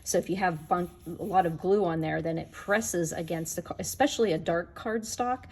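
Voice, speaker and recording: Chatting with viewers while she works, a woman shows how to make cards in a casual tutorial. She speaks at normal speed in a voice on the low side, with slight background noise.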